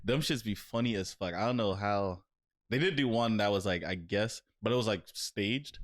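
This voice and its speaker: Young male podcast co-host, low voice, loose slangy storyteller. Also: animated, normal speed. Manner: slangy, rambling storyteller who acts out quotes. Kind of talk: casual chat.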